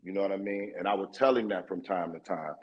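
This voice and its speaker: A man with a husky, slightly raspy voice tells his side of a story as a podcast guest. He talks loosely and profanely and circles back with lots of fillers. The recording sounds dull and lo-fi. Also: sits low, quick pace.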